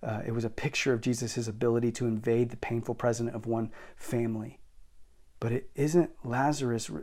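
Emphatic male pastor preaching. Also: mid-range voice. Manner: emphatic, moving between intense and quiet. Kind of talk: sermon.

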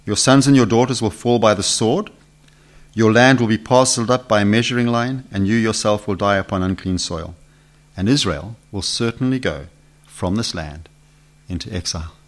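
A man's voice: mid-range voice, a bit bright. A man teaching a Bible study to a gathered group, conversational, asking questions and acting out the voices in the text. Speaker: preacher. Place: meeting room with a live group.

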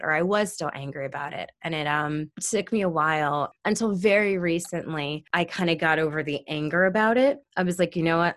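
A woman in casual conversation, talking animatedly and jumping up into high excited tones at times. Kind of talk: casual chat.

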